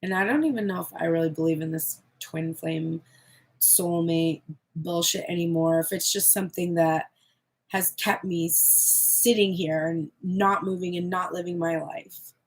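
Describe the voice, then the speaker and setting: Gravelly, husky woman reading tarot. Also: on the low side, a little slow. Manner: candid, expressive, swears freely. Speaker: tarot reader.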